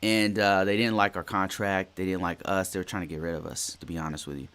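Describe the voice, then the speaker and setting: This man's voice is low and fast, with little pitch movement and a slightly bright, clear, resonant quality. He's a podcast host in his forties, rambling through a work story alone and frequently restarting or repeating phrases.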